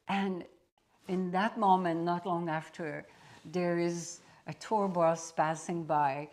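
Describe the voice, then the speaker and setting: Brief: woman teacher, slow unhurried parable telling, lowish voice. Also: steady tone, darkish tone. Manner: slow, deliberate storyteller. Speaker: spiritual teacher. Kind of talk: storytelling satsang talk.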